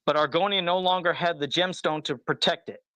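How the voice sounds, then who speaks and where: A man's voice: fairly high pitch, brisk, bright, forceful tone, no room sound, poor audio. A man co-hosting a podcast, reading a storybook aloud in a casual way and chuckling as he goes. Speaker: podcast co-host.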